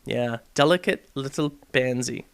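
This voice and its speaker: A man's voice: mid-range voice, a little slow. A young man hosting a gaming vlog, ranting to camera in a brash, provocative, jokey way. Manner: brash, provocative and jokey, mocking voices in quotes.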